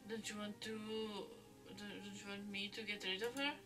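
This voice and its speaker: A woman reading a cold, scheming aunt from a game in a soft, hushed voice. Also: mid-range voice, level tone, moderate pace, distant mic, faint music behind, close to an everyday voice.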